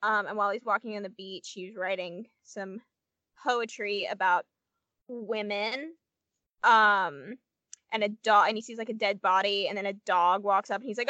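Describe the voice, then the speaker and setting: A woman's voice: mid-range voice, fairly even intonation, normal speed, pushed and bright, dry recording. A young woman co-hosting a podcast, rambling in casual chat with lots of "like" fillers. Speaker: podcast co-host.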